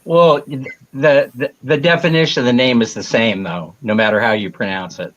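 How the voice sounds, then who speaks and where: A man's voice: mid-range voice, steady tone, normal speed, fairly bright tone, lo-fi sound. A man hosting a casual live stream, answering a caller with wry jokes and apologies.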